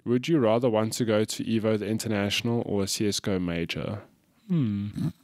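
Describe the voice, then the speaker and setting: A man's voice: on the low side, normal speed, a little mellow, no echo, clean studio sound. A man co-hosting a gaming podcast, chatty and laughing often as he reads listener questions. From South Africa. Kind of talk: casual chat.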